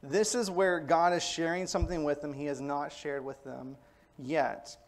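A man's voice: fairly high pitch, steady tone, normal speed. A male pastor preaching a sermon in a conversational, explanatory way, checking in with his congregation. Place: church.

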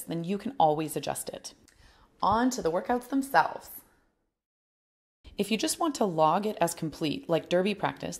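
A woman's voice: lowish voice, vocal fry, a little mellow. A woman giving a cheerful, encouraging walkthrough of a fitness app's features. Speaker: app tour presenter. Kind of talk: upbeat app walkthrough.

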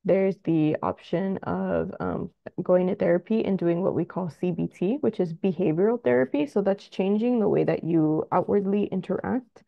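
A woman's voice: fairly low pitch, moderate pace, creaky, no echo, lo-fi sound. A woman therapist giving a conversational talk to parents, acting out little scenes with children as she explains. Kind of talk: presentation to parents.

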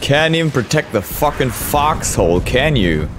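His mid-range voice has a sing-song quality and a normal speed as he streams a war shooter, swearing frequently and chatting with viewers while describing the action. Background noise includes the game's gunfire, explosions, and artillery.

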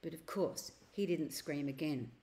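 A woman reading a children's novel aloud, narrating in a steady, expressive way. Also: sits low, a little slow. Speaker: storyteller.

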